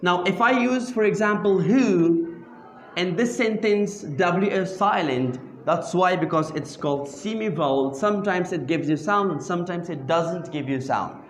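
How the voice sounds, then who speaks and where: High-voiced man teaching grammar, echoey. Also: measured pace, slight background noise. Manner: questioning, repeats phrases and asks the class to answer back. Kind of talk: classroom grammar lesson. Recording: echoey room.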